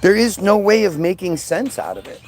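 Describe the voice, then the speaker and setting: A man's voice: sits high, very animated, moderate pace, faint music behind. A man ranting angrily in a commentary video, profane and sarcastic, and at times mocking others in put-on voices.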